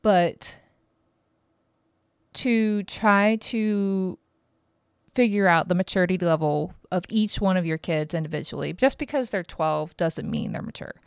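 A woman in her thirties talks through her podcast in a loose, rambling way, frank and quick to swear. Her voice sits low and comes across smooth and clear. The sound is dry and close, with no room around it. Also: no room sound. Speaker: podcast host. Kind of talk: casual monologue.

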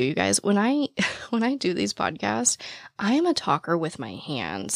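Raspy, breathless fast-talking woman. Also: on the low side, dry recording, studio quality. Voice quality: naturally raspy voice with vocal fry. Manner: talks very fast, breathless and rambling. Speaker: true crime podcast host. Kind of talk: casual podcast chat. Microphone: podcast mic, standing while recording.

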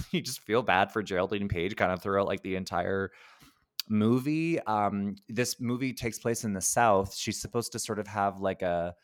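A man's voice: on the low side, moderate pace, no room sound, studio quality. A man hosting a film podcast, chatting casually with fillers and frequent laughs. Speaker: podcast host. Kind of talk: casual film review chat.

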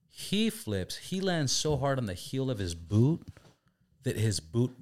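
A man hosting a casual chat, telling stories animatedly with swearing and acted-out quotes. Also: lowish voice. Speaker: podcast host.

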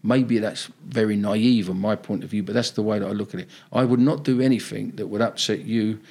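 A man's voice: fairly low pitch, fairly even intonation, fairly quick, darkish tone. An older man with a South London accent, telling his story bluntly and animatedly in a podcast interview. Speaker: football manager guest.

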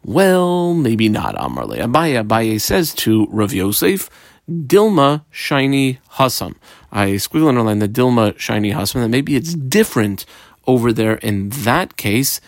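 A man's voice: fairly low pitch, very animated, moderate pace, gravelly, dry recording, clean studio sound. A man giving a Talmud lesson who reads the Aramaic text aloud and translates it phrase by phrase, adding explanations with frequent fillers. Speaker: Talmud teacher.

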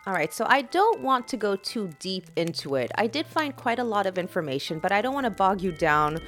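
A woman's voice: on the low side, big pitch swings, moderate pace, hardly any pauses, faint music behind. A woman hosting a podcast in a playful, teasing and suggestive chat, often laughing. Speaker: podcast host.

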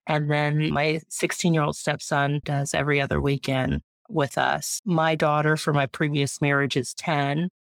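A woman in her thirties, a guest, chatting proudly and warmly about her homestead and her family. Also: low voice, little pitch movement, moderate pace, few pauses, no echo, clean studio sound. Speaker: guest, urban homesteader and mom. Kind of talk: casual interview chat.

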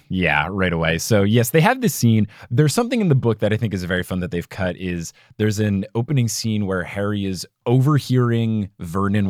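A man from the United States hosts a casual podcast, his voice sitting low with a lively, swinging pitch. He tells stories in a jokey way, and the recording is dry and close. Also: no echo. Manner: jokey, animated storytelling with quick put-on quotes. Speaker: podcast host.

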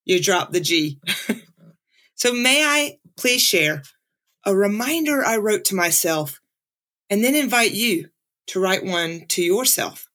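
A Southern-accented woman hosts a reflective podcast in an unhurried, gentle way. She laughs easily and draws her words out slowly when she reads aloud. Her voice sits at an everyday middle pitch for a woman. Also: expressive. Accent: Southern American. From American South. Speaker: podcast host and life coach.

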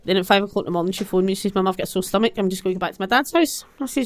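A middle-aged woman with a broad Glaswegian Scottish accent talks fast and bluntly as an interview guest. She acts out the back-and-forth of what was said, full of feeling. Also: mid-range voice. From Scotland. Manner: blunt and animated, acts out quoted exchanges. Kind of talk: conversational personal account.

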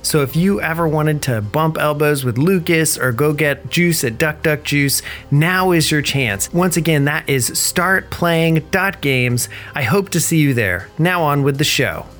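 A man's voice: on the high side, unhurried, fairly bright tone, soft background music. A man, the game master and creative director, reading a podcast sponsor ad and intro with promotional enthusiasm. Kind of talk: podcast ad read and intro narration.

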